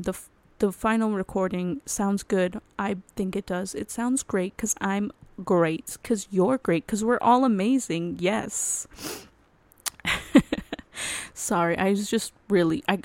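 A woman's voice: on the low side, a little mellow, no echo. A young adult woman hosting her solo podcast in casual chat, rambling, cutting herself off and laughing often. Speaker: podcast host.

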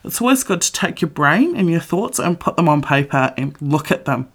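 A woman's voice: low voice, big pitch swings, moderate pace, husky. A middle-aged woman and author giving a blunt, emphatic motivational monologue full of swearing. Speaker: author and vlogger.

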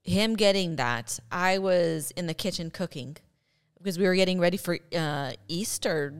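A woman's voice: lowish voice, moderate pace, clean tone. A woman co-hosting a podcast with her husband, recalling a hard family memory and chiming in to finish his sentences. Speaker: podcast co-host. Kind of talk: casual personal testimony.

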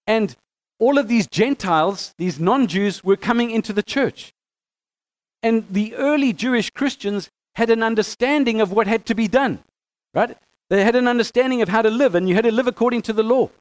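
High-voiced man teaching scripture. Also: normal speed. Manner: animated, reads scripture aloud with emphasis, frequent restarts. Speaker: bible teacher.

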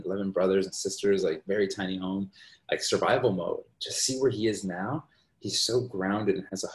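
A man's voice: on the low side, a little mellow. A man talking as a podcast guest, telling rambling personal stories in a casual conversational way and tagging his sentences with "right?". His voice is recorded in a roomy space. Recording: roomy echo.

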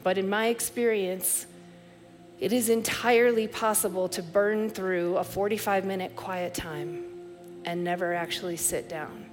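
A middle-aged woman preaching a sermon as a pastor, telling stories in a reflective way with soft restarts. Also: mid-range voice, fairly even intonation, a little slow, over music.

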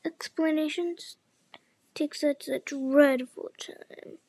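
A woman's voice: high-pitched, slow pace, creaky, mellow, no room sound, exaggerated voice. Solemn impatient storybook griffin, as a woman reads him. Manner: solemn, impatient, half-whispered.

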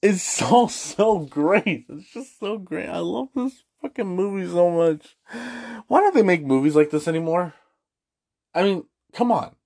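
Fairly high-voiced guy raving about an old movie, swears a lot, trips over his words. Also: a little slow, gravelly. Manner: excitable, gushing, swears freely, lots of restarts. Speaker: movie review host. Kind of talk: casual movie review.

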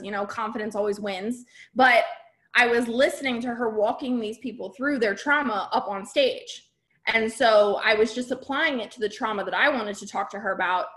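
A woman's voice: a little high, fairly bright tone. A woman podcast host and business coach giving a candid, emphatic motivational talk to a live group. She often checks in with her listeners.

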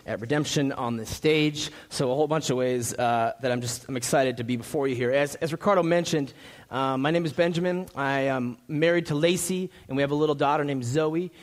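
A young male pastor from Minnesota preaching a sermon from a church stage, in a joking, conversational way. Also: mid-range voice. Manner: jokey, conversational, lively.

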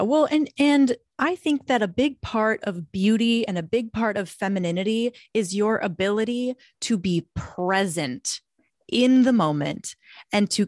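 A woman guest in a casual interview who talks in an animated, playful way and acts out her examples. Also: medium pitch, dry recording, clean studio sound.

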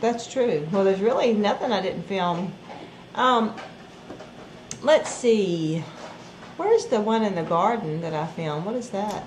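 A woman's voice: medium pitch, slow pace, pauses often, darkish tone. A woman chatting in a rambling, easygoing way about her farm chores. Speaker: co-host of a farm channel. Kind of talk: casual chat. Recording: roomy echo with faint noise.

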